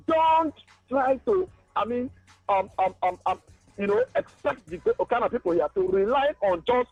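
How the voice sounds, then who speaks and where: A man's voice: very high voice, big pitch swings, vocal fry, dry recording, muffled recording, soft background music. A man calling in to a radio talk show, speaking heatedly and stumbling over fillers. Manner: heated, halting with many fillers. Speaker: caller. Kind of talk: impassioned call-in.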